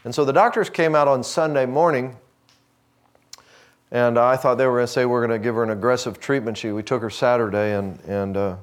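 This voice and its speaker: A middle-aged man giving a sermon, telling a family story in an emotional way that moves from hushed and low to fervent. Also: steady tone, brisk. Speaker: preacher.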